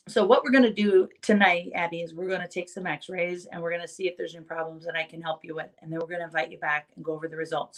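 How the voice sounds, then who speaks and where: Addressing other chiropractors, a woman in the profession delivers a sincere, motivating talk in a voice on the low side, weaving in stories and repeating important phrases to drive them home.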